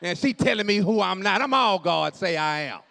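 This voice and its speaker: A man doing stand-up comedy in a church, telling stories with animated delivery, acting out dialogue and shouting punchlines to a live audience. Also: sits high, normal speed, gravelly.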